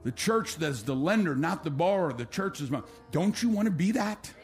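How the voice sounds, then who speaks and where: A male pastor preaching a sermon, swinging between loud, rising calls and quiet, low appeals, acting out quotes and leading an altar call. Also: expressive, fairly quick, faint music behind.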